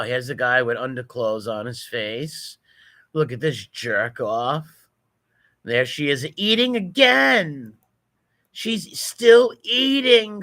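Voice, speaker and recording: A man's voice: on the high side, pushed and bright, dry recording. A man giving profane, mocking reaction commentary over video clips. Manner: mocking, profane, running insults.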